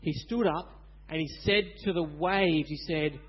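A man gives a lively children's Bible talk in church and keeps asking the kids questions. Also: a little high, a little slow, slightly rough, lo-fi sound. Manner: animated, asks kids questions.

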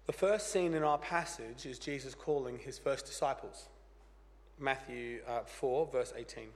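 Croaky-voiced man preaching in a church. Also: medium pitch, a little slow. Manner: earnest, plain-spoken preaching with light humor. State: hoarse, croaky voice from a cold. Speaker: pastor. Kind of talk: sermon. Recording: church hall reverb.

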